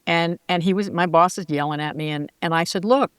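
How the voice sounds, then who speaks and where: Older woman telling lively stories, dry sound. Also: fairly low pitch, a little fast, clear, resonant tone, no echo. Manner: lively anecdotes, acts out quoted voices. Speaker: guest, former sportscaster. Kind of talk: casual interview storytelling.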